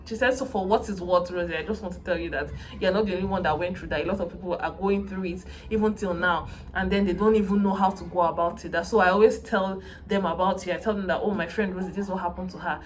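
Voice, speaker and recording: A young woman, telling a story in a casual vlog in an animated, dramatic way and acting out the voices of the people she quotes. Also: on the low side, fast talker, few pauses, a little hiss or hum.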